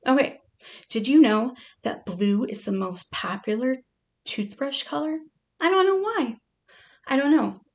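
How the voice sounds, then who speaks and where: A woman's voice: sits high, animated, unhurried. A woman chatting playfully to her pet, reading out odd facts in a casual, joking way.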